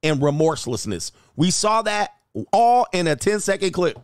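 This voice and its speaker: Man, dating coach, blunt and profane, mocking questions, keeps laughing, fairly high voice, dry close sound. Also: sing-song, normal speed, clean tone, dry recording. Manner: blunt, profane, laughs at his own points. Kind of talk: reaction commentary.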